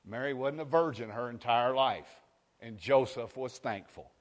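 A male preacher, rousing his congregation with call-and-response amens. He drops to a hushed murmur, then surges back loud. His voice sits at an ordinary male pitch and rings through a long hall reverb. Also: moderate pace. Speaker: pastor. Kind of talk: sermon.

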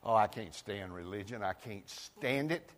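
A man preaching a sermon in a folksy way, moving from loud outbursts to quiet asides. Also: lowish voice, animated, unhurried, long reverb tail. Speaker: pastor.

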